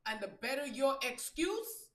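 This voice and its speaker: A woman's voice: high-pitched, sing-song, a little slow, a bit bright. A woman hosting a live stream as a spiritual reader, giving a blunt, profane motivational talk and repeating phrases for emphasis. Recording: roomy echo.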